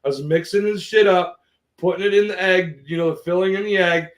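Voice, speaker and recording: Cohost guy kinda higher voice, rambly storytelling, keeps restarting. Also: a little fast. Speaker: podcast co-host. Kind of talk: casual chat.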